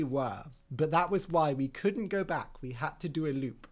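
Man, English teacher hosting a live stream; voice sits a little high, rambling and friendly, explains vocabulary as he goes. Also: animated. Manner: chatty and rambling, pauses to explain words simply; laughs easily, frequent ums and restarts. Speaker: English teacher and podcast host. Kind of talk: casual live-stream chat for English learners.

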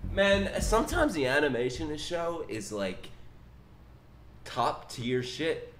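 A young man giving profane, excitable reaction commentary on an anime, breaking into loud laughs and shouts. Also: a little high, slow pace, a little hiss or hum. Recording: anime soundtrack playing loudly behind.

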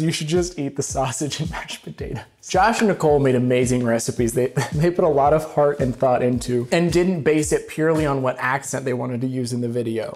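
A man giving a casual, joking cooking demonstration. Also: on the high side. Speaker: cook.

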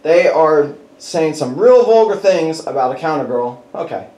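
Animated man preaching in an echoey hall. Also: fairly high pitch, normal speed, distant mic, dull audio. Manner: animated, chuckles through his stories. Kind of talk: conversational sermon storytelling. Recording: echoey hall with faint background noise.

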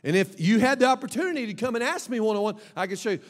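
Brief: high-pitched male pastor, emphatic sermon delivery, long church-hall reverb. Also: expressive, very fast. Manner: emphatic, swings between soft asides and loud exhortation. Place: church sanctuary.

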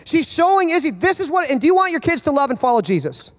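A man's voice: extremely high pitch, big pitch swings, quick pace. A man in his thirties preaching a sermon as pastor, emphatic and full of rhetorical questions.

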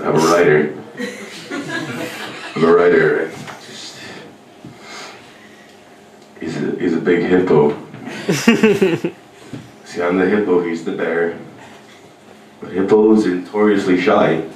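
An Irish man doing a rambling, deadpan stand-up routine in a comedy club, breaking into sudden shouts and yelps. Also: sits low, a little hiss or hum. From Ireland. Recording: echoey club, mic heard from a distance.

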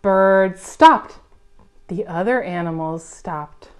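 A woman reading a picture book aloud at a preschool storytime, gently coaxing the children with questions. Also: lowish voice, slow. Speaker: children's librarian.

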